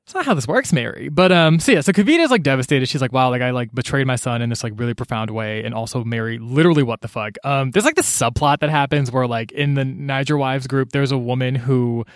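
A man's voice: mid-range voice, quick pace, hardly any pauses, no echo, studio quality. A man co-hosting a casual book-discussion podcast, rambling through the plot with lots of "like" and playful retold dialogue. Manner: rambling, full of "like" and playful "girl" retellings. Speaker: podcast co-host discussing a novel.

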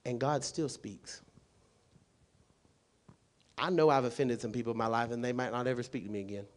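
A man preaching a sermon in a colloquial, emphatic way, dropping to quiet asides and rising to loud, shouted points full of rhetorical questions. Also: mid-range voice, steady tone, moderate pace.

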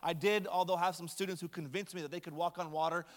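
High-voiced male pastor in a reverberant hall. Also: steady tone, quick pace. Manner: conversational storytelling with light humor. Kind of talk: sermon.

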